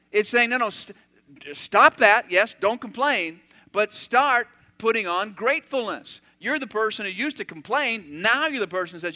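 An older man preaching a sermon, animated and acting out everyday scenes with sudden loud outbursts. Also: high-pitched, moderate pace. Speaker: pastor.

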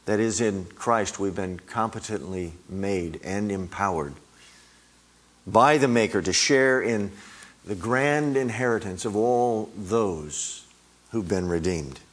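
A man's voice: on the low side, slow pace. A middle-aged man preaching a sermon, emphatic and climbing on repeated words.

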